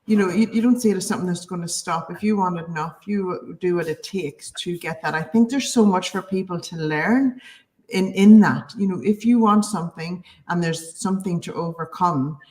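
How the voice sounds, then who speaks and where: A woman's voice: fairly low pitch, normal speed, darkish tone, rough recording. Encouraging woman interview host. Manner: affirming, encouraging. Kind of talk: live interview conversation.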